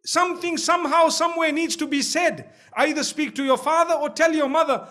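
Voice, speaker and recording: High-voiced impassioned male preacher. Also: steady tone, fairly quick, few pauses, a bit bright. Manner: impassioned, rising to emphatic peaks, uses quoted voices. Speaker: Islamic preacher. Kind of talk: sermon. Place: lecture hall before an audience.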